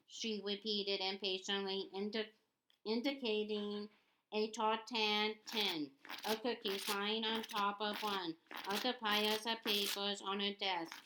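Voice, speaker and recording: Woman reading aloud haltingly, noisy background. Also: medium pitch. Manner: halting, often repeats and restarts words. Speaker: audiobook reader. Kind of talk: unrehearsed read-aloud narration. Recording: steady background noise.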